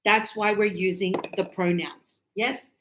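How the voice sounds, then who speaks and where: A woman's voice: mid-range voice, fairly even intonation, measured pace, a bit bright, reverberant, slight background noise, rough recording. A woman teaching English grammar, patiently explaining with repeated examples and frequent check-ins. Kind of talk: slow classroom explanation.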